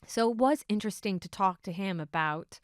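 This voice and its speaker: A middle-aged woman hosting her own podcast, telling a story in a casual, excitable way that swings between hushed asides and bursts of enthusiasm. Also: mid-range voice, a little fast, clean tone, dry recording, clean studio sound. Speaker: podcast host.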